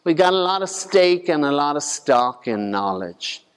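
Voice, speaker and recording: A man's voice: a little high, big pitch swings, measured pace, clear, resonant tone, big-room sound. A man preaching a sermon in a conversational way, acting out the voices of the people in his retelling.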